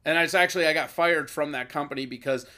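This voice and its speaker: A man telling revenge stories on a podcast in a casual, animated, profane way. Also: on the high side, fast talker. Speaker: podcast guest. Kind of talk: casual storytelling.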